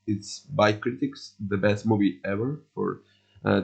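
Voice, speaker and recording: Male host, gravelly and husky, voice going, halting casual explainer, dull lo-fi mic. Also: on the low side, darkish tone. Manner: halting, many fillers and restarts, conversational. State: losing his voice. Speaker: investing video host. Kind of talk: casual explanatory talk over charts.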